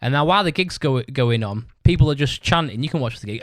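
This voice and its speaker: Animated and fast-talking, this podcast host recounts a long story in a casual monologue, blunt, rambling, and thick with profanity and restarts. His medium-pitched voice comes through in clean studio sound with no echo.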